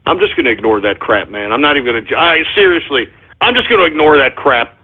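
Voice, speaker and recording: A man hosting a live radio show, reading listener shout-outs and ranting at them in exasperation, often yelling at them to shut up. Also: medium pitch, expressive, fast, breathy edge. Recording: tinny phone-like lo-fi audio.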